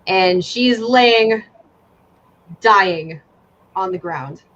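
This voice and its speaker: A woman's voice: mid-range voice, extremely slow, a bit bright. Woman running a tabletop game, lo-fi. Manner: casual, swears, draws out descriptions. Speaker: game master. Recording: dull lo-fi audio with faint ambient noise.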